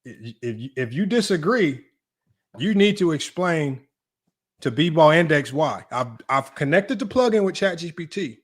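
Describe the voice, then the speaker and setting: A young man hosting a casual basketball livestream, reading chat and super chats in an animated, mocking way that jumps high when he's incredulous. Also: unhurried. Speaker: sports talk livestream host.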